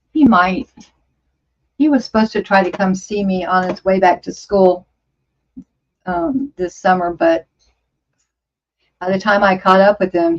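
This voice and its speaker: Slow, chatty woman over fifty. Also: mid-range voice, a little mellow. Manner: rambling, chatty, exclaims often. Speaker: livestream host. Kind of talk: casual chat reading viewer comments. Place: home studio. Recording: dull lo-fi stream audio.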